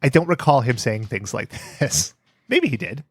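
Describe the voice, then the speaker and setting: A man co-hosting a comedy podcast, cracking jokes and laughing as he goes. His pitch swings around a lot when he talks. The recording sounds dry and close, with no room sound. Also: sing-song, normal speed, husky, no room sound. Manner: jokey, laughs often, does silly voices. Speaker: podcast co-host. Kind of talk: casual comedic chat.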